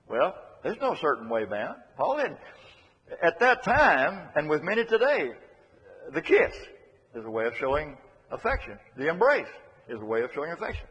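A man preaching a sermon, emphatic, repeating key phrases and moving between loud and hushed delivery. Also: a little high, sing-song, moderate pace, breathy edge. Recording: lo-fi, long hall reverb.

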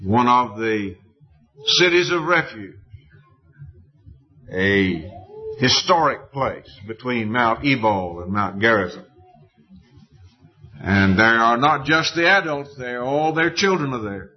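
A man preaching a sermon in a slow, deliberate way with emphatic rises. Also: medium pitch, expressive. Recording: dull lo-fi recording.

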